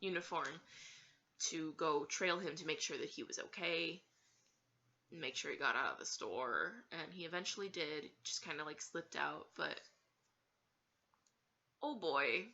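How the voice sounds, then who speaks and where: A woman's voice: low-pitched, a little slow, pauses often, pushed and bright, lo-fi sound, a little hiss or hum. A woman telling a story in a casual vlog, giggly and hesitant, with plenty of fillers.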